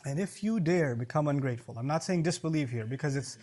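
High-voiced guy giving an islamic talk, animated, jokes around, quotes arabic. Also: fast talker. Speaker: preacher. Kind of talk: Islamic lecture.

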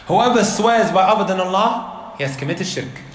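A man giving a religious lecture to a live audience, animated and asking the crowd rhetorical questions. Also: high-pitched, moderate pace, a little hiss or hum. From Leicester, England. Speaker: Islamic preacher. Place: indoor hall with an audience. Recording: roomy lecture hall.

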